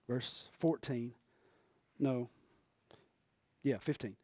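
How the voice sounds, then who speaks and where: A man preaching a folksy, animated sermon that swings between loud and hushed. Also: mid-range voice, extremely slow. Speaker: pastor.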